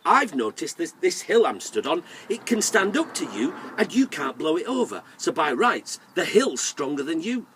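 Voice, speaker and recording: A storyteller playing a lazy young boy who eagerly shouts at the things he thinks are strong. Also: a little high, sing-song, moderate pace, few pauses, a little hiss or hum, pitched above the performer's own voice. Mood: boastful calls.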